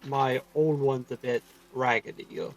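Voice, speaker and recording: A man taking part as a player in a tabletop game, speaking in an unhurried, plain way. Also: mid-range voice, fairly even intonation, rough recording. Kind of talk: casual tabletop role-play.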